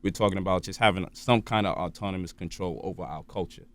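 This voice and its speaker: In a radio studio, a male guest on a radio show lectures at length, checking in with "right?" and "you feel me?" His low-pitched voice is a bit bright, and he talks fast.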